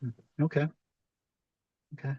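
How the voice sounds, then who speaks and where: A man's voice: measured pace, no echo. A man hosting a casual interview asks questions and answers with brief, encouraging remarks. His voice comes over a dull, muffled line with no room sound. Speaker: host.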